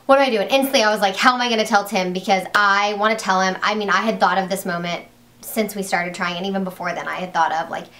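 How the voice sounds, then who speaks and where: Chatty young woman vlogger. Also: medium pitch. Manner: rambling and excitable, full of "like" and restarts. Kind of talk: casual storytelling to camera.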